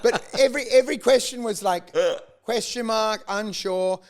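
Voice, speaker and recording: A man's voice: sits high, normal speed. A man telling a story in casual chat, acting out each line he quotes. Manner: animated anecdote teller, acts out quotes.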